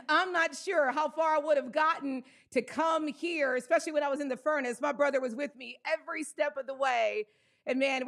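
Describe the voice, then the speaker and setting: A woman hosting a live stream, exuberantly greeting viewers by name with whoops, laughs and shouted shout-outs. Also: sits high, vocal fry. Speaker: livestream host.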